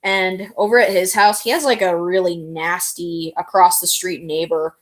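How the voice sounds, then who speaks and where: A woman's voice: fairly low pitch, fairly even intonation, normal speed, a bit bright. A woman streamer chatting casually, rambling and answering her viewers. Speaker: live streamer. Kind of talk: casual live stream chat.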